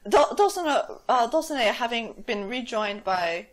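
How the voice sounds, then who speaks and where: A woman's voice: fairly high pitch, expressive, moderate pace, slight background noise. Woman game master narrating a scene. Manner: descriptive, with fillers and laughs.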